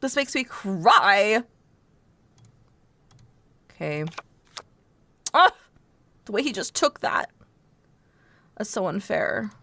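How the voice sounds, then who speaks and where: A woman's voice: mid-range voice, big pitch swings, slow, pauses often, sharp tone. A woman streaming a video game, chatting playfully with viewers and giggling often. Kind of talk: casual gameplay commentary.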